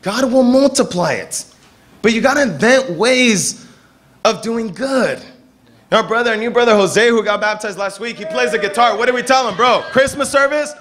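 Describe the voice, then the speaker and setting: A young man preaching a sermon as pastor, telling stories and acting out the people he quotes with lively energy. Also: very high voice, moderate pace. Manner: animated storytelling, acting out quoted voices.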